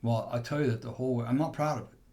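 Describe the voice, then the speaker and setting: A man's voice: medium pitch, fairly even intonation, very fast, warm tone. A man hosting a podcast, telling a personal testimony in a rambling storytelling way with restarts. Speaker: podcast host.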